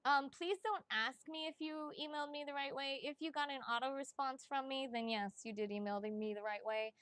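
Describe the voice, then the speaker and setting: A woman with a high voice chats her way through a psychic reading livestream, bubbly and prone to giggling between quick asides. Her voice sits close and dry on the mic at home, with no room sound around it. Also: fairly even intonation, a bit bright, no room sound. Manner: bubbly and giggly, chatty, talks fast with asides. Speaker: psychic reader, livestream host. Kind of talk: casual livestream chat.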